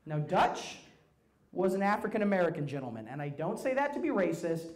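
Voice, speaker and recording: A young man doing a stand-up routine, telling profane stories in a brash, animated way on a club stage. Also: high-pitched, a little fast. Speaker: stand-up comedian. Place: comedy club stage before a live audience.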